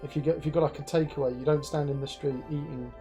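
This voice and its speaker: A man hosting a casual live-stream interview, asking jokey, animated questions with many restarts. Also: a little high, fast talker, soft background music. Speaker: interview host.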